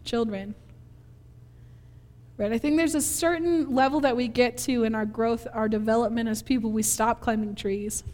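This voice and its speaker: A woman's voice: a little high, moderate pace, in a large hall. A woman from Minnesota giving a conversational sermon, telling a funny childhood story with lots of laughter and acted-out moments. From Minnesota, USA. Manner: animated storyteller, laughs often, acts out scenes. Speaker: preacher.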